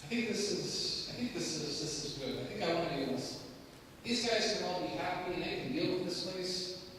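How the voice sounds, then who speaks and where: An American man in his thirties telling his personal story as a guest speaker, animated, with sudden loud rises. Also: high-pitched, fairly quick, a little hiss or hum. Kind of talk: personal testimony talk. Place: large echoey hall. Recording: echoey hall, distant mic.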